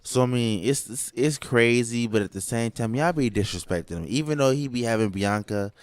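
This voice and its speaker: A man's voice: medium pitch, brisk, clean tone, dry recording. A man co-hosting a podcast in casual chat, joking and rambling with lots of fillers. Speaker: podcast co-host.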